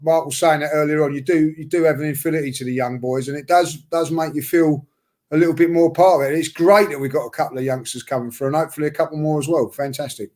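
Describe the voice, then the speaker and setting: A man's voice: fairly high pitch, steady tone, fast, darkish tone. A man co-hosting a football podcast, chatty and upbeat about young players. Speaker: podcast co-host. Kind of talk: casual football chat.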